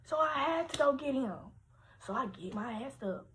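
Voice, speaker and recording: A young woman telling a story from her teens on a casual livestream, animated, slangy and full of profanity. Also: high-pitched, normal speed, a little hiss or hum.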